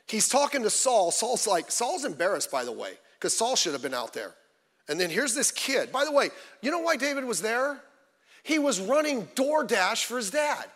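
A middle-aged man preaching a sermon as pastor, animated and folksy, rising to shouts at his big points. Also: very high voice, moderate pace.

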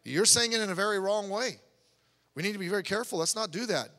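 A man preaching a sermon in a church, talking conversationally with asides, restarts and quick jokes. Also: high voice, animated, bright, forceful tone. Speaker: pastor. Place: church sanctuary. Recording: long church hall reverb.

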